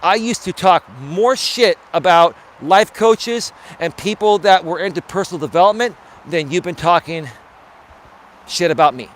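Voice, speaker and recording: A man's voice: high-pitched, normal speed, a little hiss or hum. A man life coach talking bluntly to his live chat while walking outdoors around a building, streaming from his phone. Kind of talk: casual live-stream monologue.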